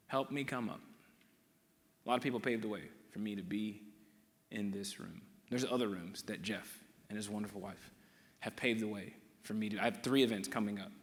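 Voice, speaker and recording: A man giving a live motivational talk, telling stories and acting out what people said in an animated way. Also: on the low side, brisk, long pauses. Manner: animated storyteller acting out quotes. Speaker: motivational speaker. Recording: echoey hall sound.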